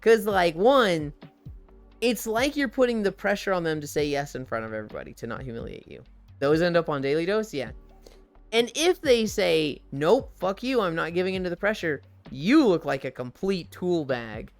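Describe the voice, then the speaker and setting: A man streaming live and chatting casually, telling stories in a profane, animated way and acting out the voices he quotes. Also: on the high side, normal speed, soft background music.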